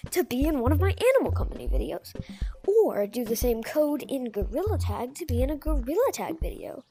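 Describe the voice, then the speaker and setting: A young girl chatting casually through a gameplay video, rambling and stopping to calm her crying dog. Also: high voice, a little fast. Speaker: gaming video creator. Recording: game music playing behind.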